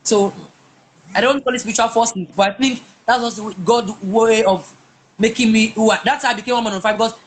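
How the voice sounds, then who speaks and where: Her voice is on the high side and steady, and she talks briskly while telling her personal story as a guest. She's emphatic, often repeating words and starting sentences again, with a little hiss or hum on the recording.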